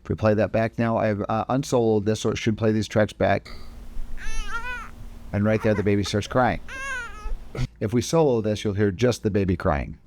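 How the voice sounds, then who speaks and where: Low-voiced man walking through software. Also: fairly even intonation, normal speed, long pauses, background noise. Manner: casual step-by-step explaining, frequent self-corrections. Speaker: video editing instructor. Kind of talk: screen-recorded software tutorial.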